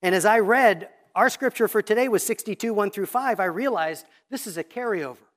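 A pastor giving an expository sermon, reading scripture slowly and deliberately, then explaining it in a teacherly way and pointing out repeated themes. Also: mid-range voice.

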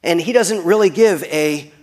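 A man preaching a sermon who builds to emphatic peaks and then drops very soft. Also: on the high side, moderate pace. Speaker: pastor.

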